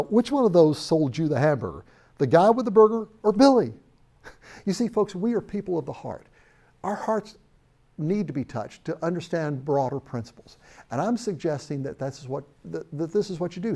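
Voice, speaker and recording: A man's voice: fairly high pitch, mellow. A man giving a recorded sales training lecture, storytelling in an emphatic way.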